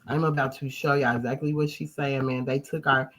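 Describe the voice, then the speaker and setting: A woman's voice: very deep voice, fairly even intonation, a little fast, few pauses, faint music behind. A woman from Colorado hosting a livestream, talking in a heated, emphatic, repetitive way like a preacher. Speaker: livestream host.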